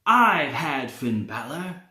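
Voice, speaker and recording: A man voicing an obsessed, theatrical male wrestler who shouts his lines. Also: mid-range voice, big pitch swings, slow pace, reverberant, exaggerated voice. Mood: manic.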